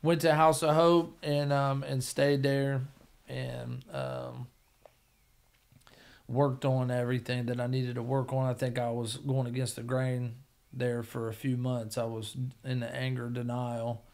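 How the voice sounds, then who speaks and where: Gravelly man telling a blunt story. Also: mid-range voice, monotone, unhurried, darkish tone. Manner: blunt, profane, rambling recovery story. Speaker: podcast guest. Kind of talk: casual storytelling.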